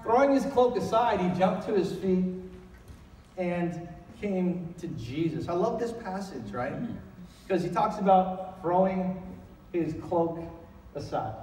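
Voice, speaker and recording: A middle-aged pastor with a slightly high, mellow voice delivers a Sunday sermon in a church sanctuary, speaking conversationally and slowly before building into animated, emphatic calls. He's a little far from the mic, so his voice echoes through the long hall over faint room noise.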